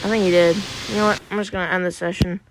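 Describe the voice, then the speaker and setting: A woman giving casual, excitable live commentary on her own gameplay, full of fillers and quick exclamations. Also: lowish voice, background noise. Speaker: game streamer.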